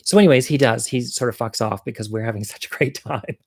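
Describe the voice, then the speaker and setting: A man with a medium-pitched, gravelly voice talks fast, in clean studio sound with no echo. Over a livestream he tells viewers a personal story, candid and chatty, poking fun at himself and laughing at his own jokes.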